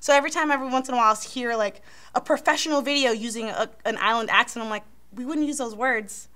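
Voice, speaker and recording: Young woman from Miami, bright slightly high voice, chatty panel co-host. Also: rapid-fire, clean tone. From Miami, Florida. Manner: chatty, restarts sentences, animated storytelling. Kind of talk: casual panel chat.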